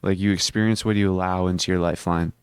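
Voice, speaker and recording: A man's voice: deep voice, steady tone, fast talker, smooth, no echo. A teenage boy talking in a casual self-improvement vlog, earnest and rambling, often restarting his sentences. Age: teens. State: hiccuping. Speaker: vlogger.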